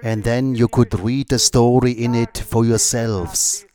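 A man preaching a sermon, reading scripture aloud in a slow, measured way with long pauses between phrases. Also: medium pitch, level tone, mellow.

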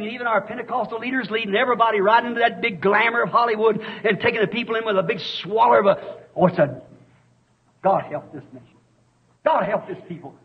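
A high-pitched, husky-voiced man preaches with a drawl, pleading one moment and shouting warnings the next, then slipping into folksy storytelling. His voice comes from a dull, lo-fi old sermon tape. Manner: impassioned, rising to shouts, storytelling asides. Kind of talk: fiery revival sermon.

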